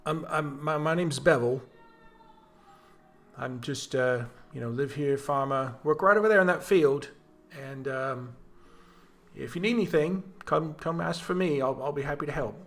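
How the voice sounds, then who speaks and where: A man voicing a shy, helpful peasant farmer who talks in a halting, stammering way, in a tabletop game. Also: fairly high pitch, fairly bright tone. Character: humble middle-aged male peasant farmer, shy and helpful.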